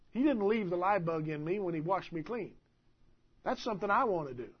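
A man preaching a sermon as pastor, emphatic and swinging between loud and soft delivery. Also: sits high, breathy edge, dull audio.

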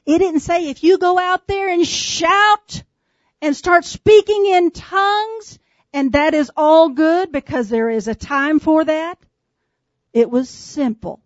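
A woman preaches to her congregation in a high voice, taking her time and dropping to hushed, slow emphasis on key lines. The recording is dry and close, with a slightly muffled, dull tone. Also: dry recording. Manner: shifts from brisk asides to slow, hushed emphasis; addresses congregation members by name. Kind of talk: sermon.

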